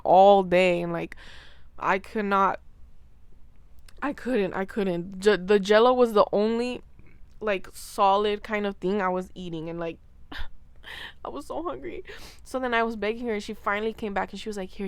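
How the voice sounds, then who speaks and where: A woman in her twenties telling a story to camera in a casual, animated way, full of fillers, swearing and acted-out quotes. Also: medium pitch, clear, resonant tone, no echo. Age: 20s. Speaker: vlogger.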